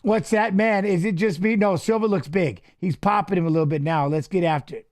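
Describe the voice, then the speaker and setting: A middle-aged man hosting a fight watch-along, chatting casually and coaching the fighters aloud with excited calls. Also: high voice, a little fast. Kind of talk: casual live fight commentary.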